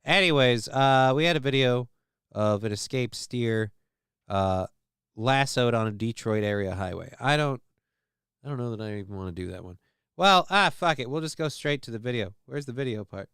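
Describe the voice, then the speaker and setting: A man's voice: medium pitch, expressive, moderate pace, a bit bright, clean tone, dry recording, clean studio sound. A man hosting a casual news show, reading stories aloud and riffing on them with irreverent, profane asides. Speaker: show host.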